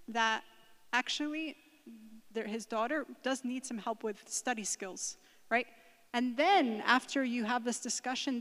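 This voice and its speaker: Lady giving a chatty parenting talk, keeps saying right? okay?, kinda high voice, big echoey hall. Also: a bit bright. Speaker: speaker at a parenting workshop. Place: church hall. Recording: echoing hall with long reverb.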